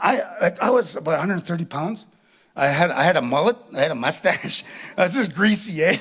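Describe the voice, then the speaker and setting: On a theatre stage before a live audience, a middle-aged Canadian man tells a stand-up comedy story, animated and chuckling as he acts out voices. His voice is high and husky.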